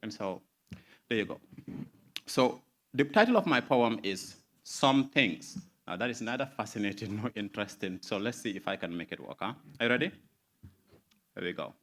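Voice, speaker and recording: A man's voice: lowish voice, expressive, normal speed, a bit bright. Fields: Gambian man, spoken word poet. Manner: chatty and nervous in the intro, building to a declaiming rhythm in the poem. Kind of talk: spoken word poetry performance. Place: conference room at a breakfast meeting.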